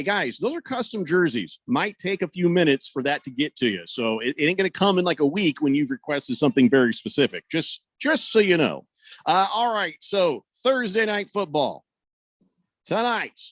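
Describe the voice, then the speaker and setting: A man's voice: high voice, very animated, normal speed, dry recording. A man hosting sports talk radio in a studio, joking around and reading out listener comments. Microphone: studio microphone.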